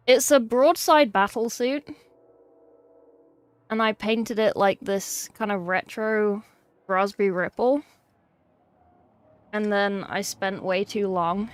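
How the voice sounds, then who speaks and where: Slow-talking woman streamer chatting with chat. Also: medium pitch, smooth, no echo. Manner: rambling, reads chat aloud and answers it. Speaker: livestream host. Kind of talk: casual livestream chat.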